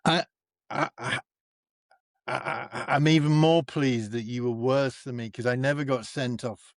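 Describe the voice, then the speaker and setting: Animated storytelling man, dry close sound. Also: a little slow, dry recording. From North East England. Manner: animated storyteller who acts out quoted people with big pitch jumps. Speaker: guest, comedian and actor. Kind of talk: casual chat.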